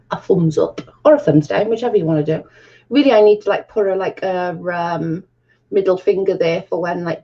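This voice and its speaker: A woman's voice: mid-range voice, darkish tone. A woman hosting a casual live stream, chatting with viewers and laughing often. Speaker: livestream host. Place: at home, camera off. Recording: dull lo-fi stream audio.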